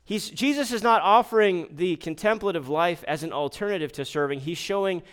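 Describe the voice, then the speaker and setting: Smooth-voiced male preacher. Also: high-pitched, a little fast, fairly bright tone. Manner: conversational, asks the congregation rhetorical questions; restarts and repeats words often. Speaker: pastor. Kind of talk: sermon.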